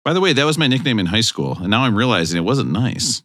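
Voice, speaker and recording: A man's voice: medium pitch, sing-song, quick pace, fairly bright tone, no echo, clean studio sound. A man hosting a casual album review podcast, joking around and laughing with his co-hosts. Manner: jokey, laughing, breaks into silly bits. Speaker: podcast host.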